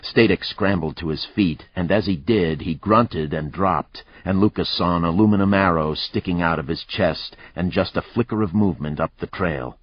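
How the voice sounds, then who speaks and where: A man narrating a thriller audiobook in a measured, even storytelling manner. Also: low-pitched, slightly rough. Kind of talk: scripted narration. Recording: dry, slightly muffled recording.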